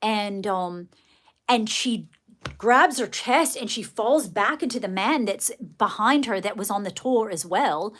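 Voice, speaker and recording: A woman's voice: medium pitch, animated, unhurried, a bit bright. A woman telling a rambling story live to her viewers, chatty and folksy, full of fillers and restarts. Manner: folksy, addresses viewers directly. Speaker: live streamer. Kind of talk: casual live-stream storytelling.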